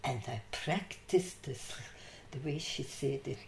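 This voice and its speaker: An older woman shares memories in an unhurried, lower-pitched voice, laughing as she tells her anecdotes. The recording has a noticeable room echo around her. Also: gravelly, a little hiss or hum. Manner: lively anecdotal, laughs through her stories. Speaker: interviewee. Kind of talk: oral history storytelling. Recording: echoey room.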